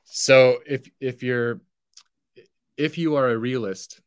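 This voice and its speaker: A man's voice: medium pitch, takes it slowly, no room sound, clean studio sound. A man on a podcast as a guest, explaining philosophy carefully and correcting himself as he goes.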